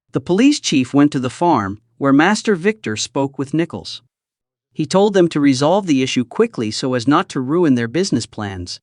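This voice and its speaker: Lively male movie recap narrator. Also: mid-range voice, dry recording, studio quality. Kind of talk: scripted narration.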